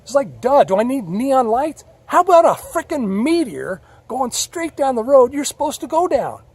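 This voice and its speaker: A man voicing an exasperated Heavenly Father who mockingly scolds him in a loud, incredulous tone. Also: extremely high pitch, very animated, moderate pace, husky, no echo, voice pushed up, full character voice.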